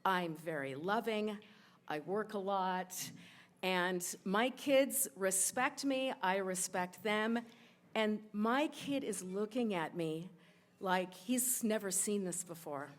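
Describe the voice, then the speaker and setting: A woman in her forties telling a true personal story on stage, emotional, rushing through some parts and slowing way down on others. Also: mid-range voice. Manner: emotional, quick bursts of telling with sudden slowdowns. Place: stage at a live event in a sports bar.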